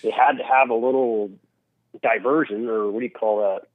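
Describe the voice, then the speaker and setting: A man phones in to a show for a relaxed chat, and the line sounds tinny. He speaks at normal speed in a steady, medium-pitched voice with no echo, wandering through stories and acting out the voices in them.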